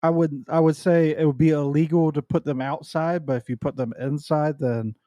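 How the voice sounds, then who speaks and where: Male co-host, slightly high and mellow voice; teasing, quick to laugh. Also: fairly even intonation, dry recording, muffled recording. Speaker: podcast co-host. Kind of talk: casual chat.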